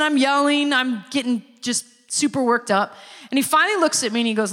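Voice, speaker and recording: A woman giving a sermon-style personal testimony, a lively storyteller who acts out the people she quotes. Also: sits high, brisk. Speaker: speaker giving a church testimony. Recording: long reverb of a large hall.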